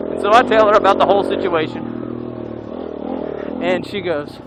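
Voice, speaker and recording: A man's voice: rumbling low, moderate pace, creaky, very noisy. A man vlogging as he rides an off-road motorcycle trail, telling a long story and whooping now and then. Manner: animated, whoops and yells while riding. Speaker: motovlogger. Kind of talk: storytelling while riding.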